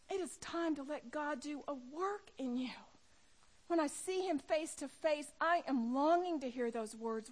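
A middle-aged woman preaching a sermon to women, impassioned, dropping to a hush and then rising loud. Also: high-pitched, normal speed. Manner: impassioned, swings from hushed to loud. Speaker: women's ministry speaker.

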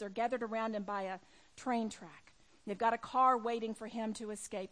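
A middle-aged woman preaching a sermon to women, impassioned, dropping to a hush and then rising loud. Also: fairly high pitch. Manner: impassioned, swings from hushed to loud. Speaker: women's ministry speaker.

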